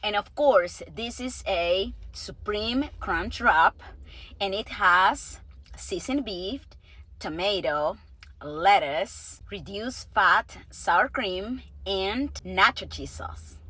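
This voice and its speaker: Woman doing a food review vlog, talks slow and easy, chatty, soft mm sounds between bites. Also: mid-range voice, animated, dry recording. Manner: unhurried and chatty, with soft murmurs while tasting. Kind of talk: casual food tasting vlog.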